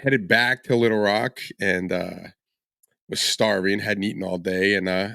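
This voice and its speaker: A man co-hosts a podcast in a dry, close recording, telling a story in a lower-pitched voice. He acts out the people in it and keeps breaking into laughter as he goes. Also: a little slow, creaky, smooth, no echo. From northern United States. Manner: animated storyteller who acts out quoted people and laughs often. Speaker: podcast co-host. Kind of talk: casual storytelling chat.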